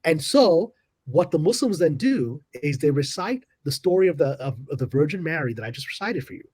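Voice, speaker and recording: A middle-aged man retelling a piece of history with lively energy, acting out the speakers' lines with big jumps in pitch. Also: fairly quick, breathy edge, dry recording. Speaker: guest storyteller. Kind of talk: animated historical storytelling.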